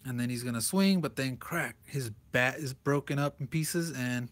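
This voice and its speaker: A man's voice: medium pitch, normal speed. A man reviewing a comic book page by page in a loose, rambling way, chuckling often as he talks. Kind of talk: casual comic commentary.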